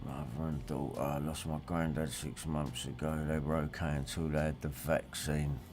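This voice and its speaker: A man's voice: very deep voice, steady tone, normal speed, music in the background. A man, ranting and swearing in a rambling livestream monologue and reacting to viewer comments. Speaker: livestream host.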